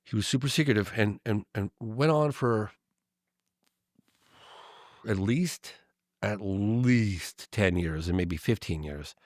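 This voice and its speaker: A man with a low voice tells a long story, rambling through fillers and restarts. He slips into the voices of the people he quotes. The sound is close and dry, with no room around it. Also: slow, long pauses, dry recording. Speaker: guest. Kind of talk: casual anecdote storytelling.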